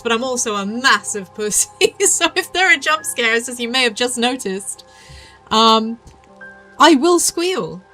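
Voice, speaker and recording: Chatty high-voiced woman streaming a game. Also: sharp tone. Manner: chatty, self-deprecating, reads game text aloud. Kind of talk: casual gameplay commentary.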